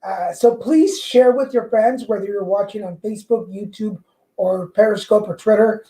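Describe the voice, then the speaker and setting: A woman with a slight Mexican accent, hosting a livestream tarot show and chatting casually and excitedly to viewers, often restarting her sentences. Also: mid-range voice, normal speed, poor audio. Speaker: livestream tarot reader host. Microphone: corded mic.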